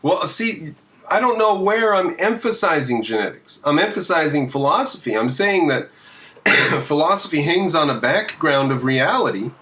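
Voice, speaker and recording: A man's voice: fairly high pitch, lively intonation, moderate pace, sharp tone. A man in a casual debate call who states his views bluntly and in a matter-of-fact way.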